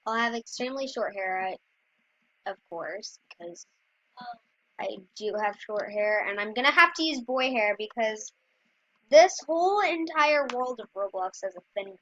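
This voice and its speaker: A woman's voice: medium pitch, measured pace, a bit bright, dry recording. A woman chatting to her viewers in rambling, casual gameplay commentary. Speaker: gameplay video creator. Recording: dull lo-fi dry recording.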